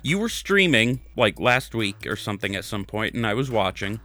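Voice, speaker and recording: A man's voice: fairly low pitch, very animated, moderate pace, sharp tone. A man in his thirties hosting a podcast, talking bluntly and joking with some swearing. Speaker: podcast host. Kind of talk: casual chat and game news.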